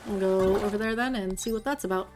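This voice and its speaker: A woman streamer talks through a video game in a loose, chatty way, filling pauses with "um" and "like" as she recaps the story. Her voice sits at an ordinary middle pitch. Soft music plays quietly underneath. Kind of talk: casual let's-play commentary.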